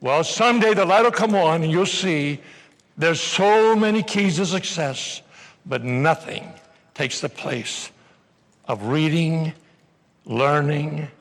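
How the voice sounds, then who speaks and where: An older man giving an energetic, joking motivational seminar talk to a live audience in a large hall, bursting into shouts as he tells stories. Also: on the high side, slow pace. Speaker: motivational speaker.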